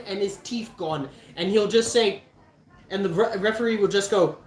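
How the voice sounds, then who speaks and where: A South African man in his twenties with a high voice vlogs casually to camera at a moderate pace. He rambles and jokes, restarting often, in an echoey room.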